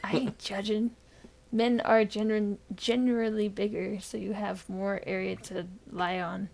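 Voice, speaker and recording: Tired gravelly-voiced woman podcast co-host. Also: mid-range voice, unhurried. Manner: tired, deadpan delivery; rambling with frequent fillers and laughs. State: recovering from illness. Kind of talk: casual podcast chat.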